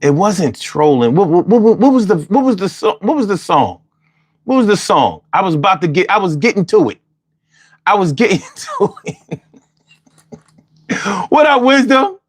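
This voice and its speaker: Brief: male call-in host, high voice, brash and profane, ribs callers, loops his lines. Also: sing-song, normal speed, pauses often, husky, dry recording, clean studio sound. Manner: loud, profane, teasing and repetitive. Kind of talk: casual livestream chat.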